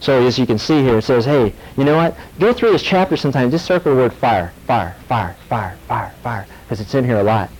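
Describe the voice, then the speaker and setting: A male pastor preaching a sermon in a lively, joking storytelling way that drops into earnest warnings. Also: medium pitch, quick pace, hardly any pauses, low-quality recording. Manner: animated, jokey storytelling with sudden drops to earnest.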